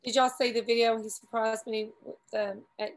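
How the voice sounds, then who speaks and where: A middle-aged woman tells a long, rambling story to friends, with a slightly high voice. She talks casually and often laughs at herself along the way. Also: flat delivery, brisk, low-quality recording. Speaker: paramotor pilot telling a story. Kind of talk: casual group chat.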